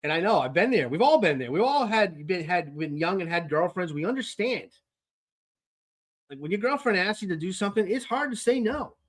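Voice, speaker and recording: A man with a slightly husky voice, pitched a little high for a man, rants through a story on his own show. He sounds exasperated and swears heavily, often tripping over and repeating his words as he goes. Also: expressive, a little fast. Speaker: podcast host. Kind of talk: casual ranting monologue.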